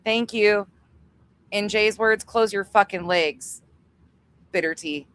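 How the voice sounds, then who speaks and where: A woman with a smooth, slightly bright, medium-pitched voice hosts a livestream. She chats casually, swears freely and laughs easily while thanking her members.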